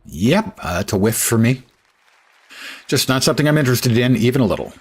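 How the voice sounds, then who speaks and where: A man's voice: mid-range voice, very animated, brisk, slightly rough, soft background music. An older man streaming a casual, blunt and dismissive reaction to a game showcase. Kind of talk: casual live reaction commentary.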